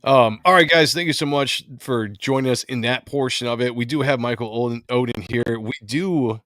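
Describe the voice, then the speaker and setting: A man's voice: medium pitch, normal speed, fairly bright tone, no echo. Casual male podcast host, dry sound. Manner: casual, stumbling over written comments. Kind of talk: casual chat, reading viewer comments.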